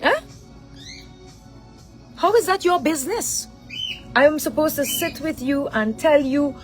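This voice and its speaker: Over faint background music and a rough recording, a high-pitched middle-aged woman angrily confronts the camera, speaking as a mother tearing into her daughter. Her intonation is lively and her pace measured, with frequent pauses, as she fires off rhetorical questions and keeps demanding "huh?"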